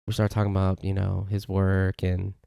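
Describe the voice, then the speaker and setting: A low, gravelly man hosts a solo podcast, rambling loosely from one story to the next. His tone is dark and mellow, and the recording is dry and close. He bounces up into a higher voice whenever he quotes a friend. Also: monotone, normal speed, no echo. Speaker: podcast host. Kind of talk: casual solo podcast rant.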